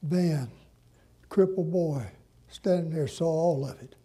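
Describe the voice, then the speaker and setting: Folksy preacher, husky and high. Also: male voice, dark tone. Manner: folksy, drawn-out preaching with dramatic pauses. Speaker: pastor. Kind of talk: sermon storytelling.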